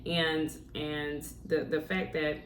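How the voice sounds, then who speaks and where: In a motivational story-time vlog, a woman speaks slowly to camera in a low voice with little pitch movement. Her tone is conversational, peppered with rhetorical questions aimed at her audience. The room echoes, she's far from the mic, and faint ambience plus slight background noise linger.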